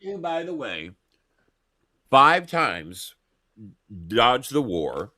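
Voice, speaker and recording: A man hosting a talk show, telling profane political stories in a lively, animated way. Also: mid-range voice, drawn-out words, no room sound, studio quality. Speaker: show host. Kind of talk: casual political chat. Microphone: earpiece headset.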